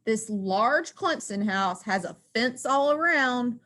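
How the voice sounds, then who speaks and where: Expressive woman reading a picture book. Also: fairly high pitch, slight background noise. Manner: expressive, sing-song, unhurried. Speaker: teacher.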